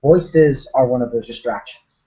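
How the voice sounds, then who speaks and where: A man's voice: mid-range voice, unhurried, dark tone. A man, a game master, explaining tips in casual chat on a video call, talking things through with frequent ums and restarts. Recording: muffled video call audio.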